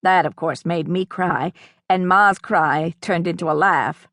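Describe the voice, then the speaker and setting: A woman's voice: on the low side, a little slow, fairly bright tone, no room sound. A woman audiobook narrator reading a first-person novel in a reflective storytelling manner, recorded in a studio.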